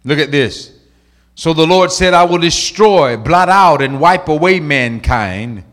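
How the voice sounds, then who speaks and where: Male preacher, middle-aged, sermon delivery, voice leaps between shouting and near-whispers, lively pitch. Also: measured pace. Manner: swings from shouting to hushed, quoting voices.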